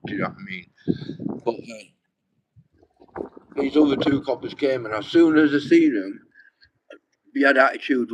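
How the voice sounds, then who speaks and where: A man's voice: medium pitch, a little hiss or hum, poor audio. A young man, rambling and swearing as he talks straight to his livestream viewers. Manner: rambling, swears a lot, addresses viewers directly.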